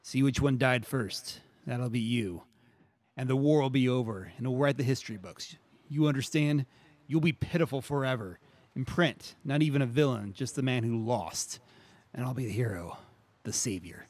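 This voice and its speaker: A man's voice: medium pitch, moderate pace, a little mellow, close to an everyday voice. A man voicing a boastful, taunting male soldier villain who lies dying in an audio drama. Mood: gloating.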